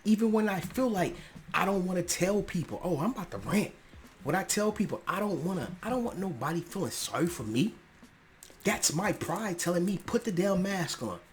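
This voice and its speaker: A young man hosting his own podcast, speaking in a personal, earnest monologue that swells into emphatic outbursts, casual and slangy, often clearing his throat. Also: high-pitched, expressive, brisk. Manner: casual slangy speech with restarts. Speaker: podcast host. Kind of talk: personal monologue on mental health.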